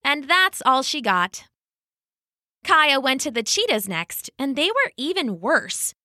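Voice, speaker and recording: A woman narrating a scripted children's story as the podcast's storyteller, telling it slowly and with many acted voices. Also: high-pitched, sing-song, sharp tone, no echo, studio quality.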